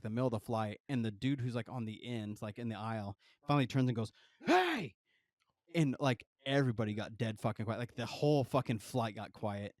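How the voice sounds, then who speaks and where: Man, podcast co-host, quick rambling delivery, lots of swearing and fillers, dry close mic. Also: medium pitch, darkish tone, no room sound. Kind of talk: casual storytelling.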